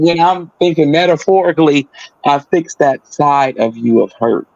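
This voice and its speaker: Man, raised gravelly voice, animated storyteller doing the voices in his story, dry lo-fi audio. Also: on the high side, normal speed, no echo. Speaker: guest telling a story. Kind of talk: casual storytelling.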